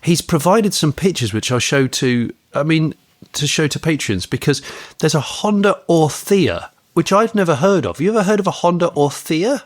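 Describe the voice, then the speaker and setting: A man's voice: a little high, lively intonation, normal speed. A man co-hosting a podcast, reading out a listener's letter with a wry, amused manner. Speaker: podcast co-host.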